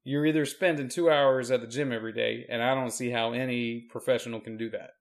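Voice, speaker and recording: A man with a gravelly, creaky edge to a mid-pitched voice trades casual talk on a podcast. He ribs his co-host with dry, teasing remarks. He is a pastor speaking offhand with a fellow minister. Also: fairly even intonation, fairly quick. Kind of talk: casual chat.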